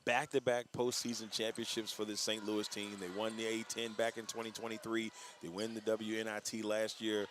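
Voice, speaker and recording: A man doing live radio play-by-play for a basketball game, measured and easygoing, chuckling between calls. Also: on the low side, little pitch movement, a bit bright, slight background noise.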